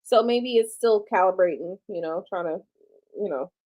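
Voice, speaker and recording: A woman hosting a casual livestream, chatty and slangy, tired late at night, dropping to low murmurs and jumping to excited squeals. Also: normal speed. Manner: chatty and slangy, talks to viewers as y'all. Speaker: livestream host.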